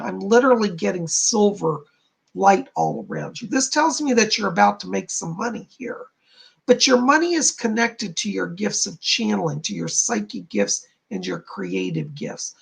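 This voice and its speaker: Male psychic host, chatty live-stream readings, lively pitch, heavy gravel in the voice. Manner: chatty, relays spirit messages and reads viewer comments aloud.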